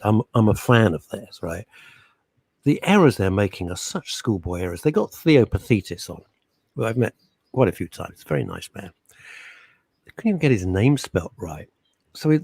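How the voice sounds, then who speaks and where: A man's voice: medium pitch, gravelly, husky, no echo. A middle-aged man co-hosting a radio talk show, teasing and opinionated, speaking into a studio microphone. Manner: brash, teasing, animated and opinionated.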